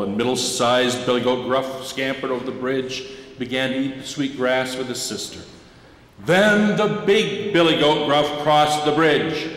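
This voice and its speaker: A man preaching a sermon as a pastor, telling a children's story in an animated way and drawing the congregation in. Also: medium pitch, unhurried, a little hiss or hum. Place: church sanctuary. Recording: echoey church sanctuary.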